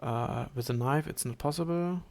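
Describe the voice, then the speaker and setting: This is casual gameplay commentary from a young man streaming, his voice on the high side and a little mellow. He rambles and halts, restarting often, leaning on fillers and throwing in swears.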